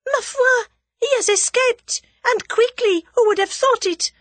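A woman reading aloud, voicing a quick-witted young maid who talks in hushed, urgent tones and breaks into shrill cries. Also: dry recording. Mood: shrill alarmed.

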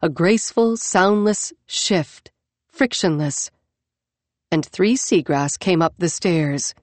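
A woman narrating an audiobook in a measured, even storytelling manner. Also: on the low side, no room sound. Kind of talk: scripted narration.

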